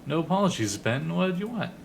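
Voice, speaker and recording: A man's voice: a little high, very animated, fast talker, creaky, a little hiss or hum, voice pushed up. A man voicing a curt amnesiac male hero who asks short, direct questions in a video game.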